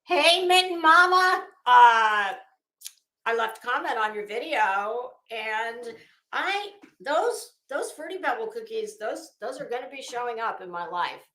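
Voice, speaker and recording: A woman's voice: a little high, lively intonation, moderate pace, fairly bright tone, reverberant. A woman hosting a casual live stream, chatting with viewers by name and swearing freely. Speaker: live stream host reading chat.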